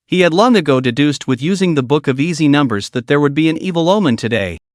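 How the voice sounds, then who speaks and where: Dry, higher-pitched male narrator. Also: dry recording. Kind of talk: scripted story recap narration.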